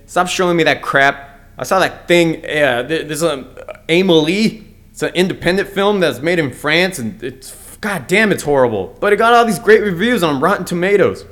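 A man's voice: on the high side, expressive, normal speed, fairly bright tone. A young man hosting his own comedy podcast, ranting bluntly and crudely with lots of stumbles and restarts. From United States. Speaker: podcast host. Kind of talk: casual solo comedy rant.

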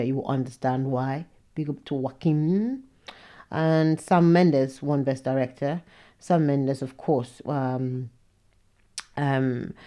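A woman's voice: rumbling low, mellow. A woman hosting a podcast, chatting casually with frank, opinionated asides. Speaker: podcast host. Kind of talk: casual chat about awards and fashion.

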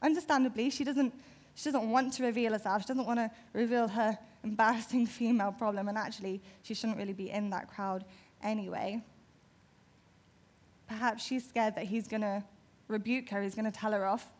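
Brief: female preacher, imaginative narration, a touch high-pitched. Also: fairly even intonation, fairly quick. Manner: storytelling, vivid and imaginative. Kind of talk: sermon.

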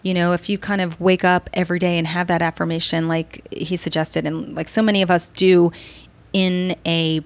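A woman's voice: on the low side, little pitch movement, moderate pace. A woman guest on a podcast who explains her ideas earnestly and with animation, often adding "you know". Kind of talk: casual conversational interview.

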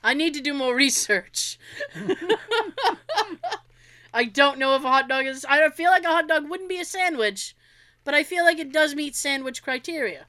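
At a moderate pace, a high-voiced woman shares animated stories as co-host of an easygoing podcast conversation, giggling and laughing all the while.

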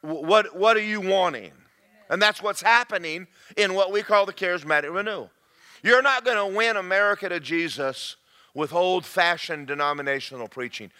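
A man preaching a sermon to a congregation, swinging between loud shouts and quiet, confiding asides. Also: sits high, moderate pace.

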